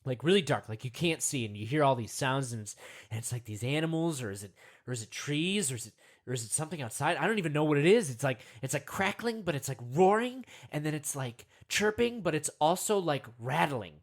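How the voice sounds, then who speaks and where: A young man rambling through a comic meditation monologue, often talking to himself and leaping into high, excited voices. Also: a little fast.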